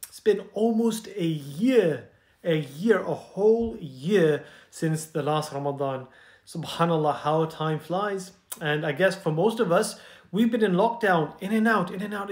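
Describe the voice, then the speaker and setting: A man hosting a children's show, narrating a bedtime story in a gentle, chatty way and asking listeners questions, in a roomy-sounding recording. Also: a little high, unhurried. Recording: roomy echo.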